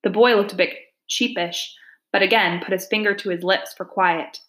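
Woman narrating a folk-tale audiobook. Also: medium pitch. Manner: calm, measured reading with hushed suspense. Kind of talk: storybook narration.

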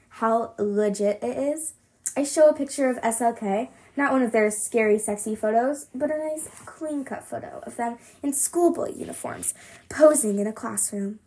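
A woman reading a novel aloud for a podcast, expressive first-person reading with small slips. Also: fairly high pitch, normal speed. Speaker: podcast reader.

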